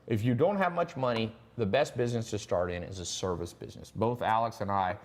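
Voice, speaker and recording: A man hosting a live online stream, pitching a business training program in a quick, animated, joking way. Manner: fast, animated pitching, jokes and laughs. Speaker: host.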